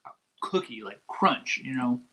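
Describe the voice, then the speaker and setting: A man co-hosting a casual unboxing livestream, talking hesitantly and softly. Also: mid-range voice, animated, measured pace. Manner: hesitant, lots of likes and restarts, soft-spoken. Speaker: livestream co-host.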